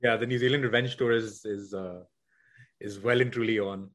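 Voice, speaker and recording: A man co-hosts a podcast in casual cricket chat, rambling with many restarts and hedges. His voice is fairly low and a bit bright, with fairly even intonation at a moderate pace.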